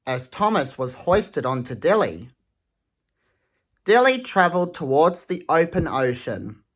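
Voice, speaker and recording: Slow expressive woman reading a storybook. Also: sits low. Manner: slow, expressive, sing-song. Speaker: storytime reader. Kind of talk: reading a children's picture book aloud.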